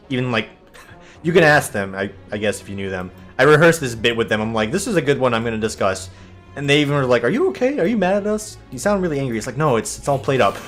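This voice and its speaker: A young man hosting a gaming video, chatting casually over gameplay and telling animated stories in which he mimics other people's exaggerated voices. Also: mid-range voice. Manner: animated storytelling, voicing exaggerated quoted people.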